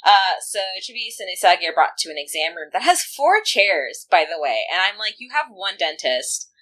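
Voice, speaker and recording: A woman's voice: lowish voice, sing-song, brisk, fairly bright tone, poor audio. A woman co-hosting a podcast, chatting casually with lots of "like" fillers and frequent laughter. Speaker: podcast co-host. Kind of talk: casual podcast chat recapping an anime.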